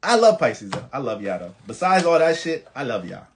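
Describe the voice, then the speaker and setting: Man from the Bronx, New York accent, mid voice, profane and animated casual astrologer. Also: mid-range voice, fairly quick, slight background noise.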